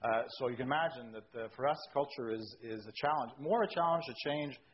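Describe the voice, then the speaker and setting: Brisk, joking man telling stories. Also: mid-range voice, highs cut off, a little hiss or hum. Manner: anecdotal, jokey storyteller. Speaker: railway executive on a panel. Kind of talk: panel discussion.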